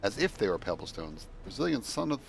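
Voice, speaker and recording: A man's voice: lowish voice, big pitch swings, a little fast, creaky, faint music behind. A man voicing a small, formal male announcer while reading game dialogue aloud, in clipped, proclaiming phrasing.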